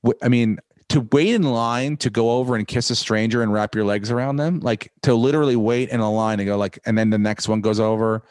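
Dude ranting on a podcast, swears a lot, rambles, dead dry mic. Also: male voice, mid-range voice, brisk, hardly any pauses, no room sound. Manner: profane, rambling, animated rants. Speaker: podcast host. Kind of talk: casual podcast chat.

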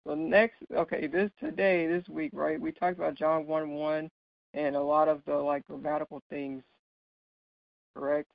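A man's voice: a little high, level tone, moderate pace, creaky, no echo. Man, Bible study teacher, patient explaining, frequent check-ins, dry dull recording. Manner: checks in often with "right?" and "okay?"; explains patiently with light laughs.

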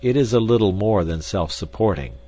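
A man's voice: fairly low pitch, animated, a little fast, dark tone, pitched above the performer's own voice. A man reading an audiobook, voicing a fussy, absent-minded old male professor who clucks "tut, tut". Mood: sad.

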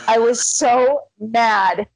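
A woman with a fairly high voice chats casually and tells stories with lots of energy, swearing freely and acting out the people she quotes. The sound is dry and close, with no room echo. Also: extremely slow. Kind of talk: casual chat. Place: lives in Arizona.

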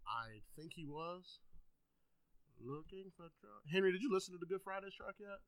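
A man co-hosting a podcast, chatting casually about music and food, mostly laid-back with sudden excited outbursts. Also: high-pitched, moderate pace, smooth, no room sound, poor audio. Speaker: podcast co-host. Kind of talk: casual chat.

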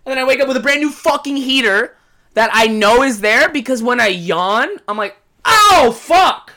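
A man's voice: very high voice, fairly quick, sharp tone. A man hosting a podcast, talking in a casual monologue, with a profane, exasperated, comic ranting manner. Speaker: podcast host.

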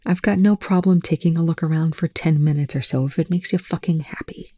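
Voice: mid-range voice, fast talker, dark tone, no room sound, studio quality, lightly acted. A narrator voicing a blunt, tense male military officer who hisses and snaps his words, in an audiobook reading. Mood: tense, hushed. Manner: terse, hissing, snapping. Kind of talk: audiobook reading of fan fiction.

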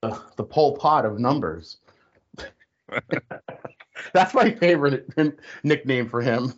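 A man in a casual podcast chat, his middle-pitched voice bouncing with lively swings as he teases and quips. His USB mic sounds a little echoey and dull. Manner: teasing, quick quips. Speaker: podcast co-host.

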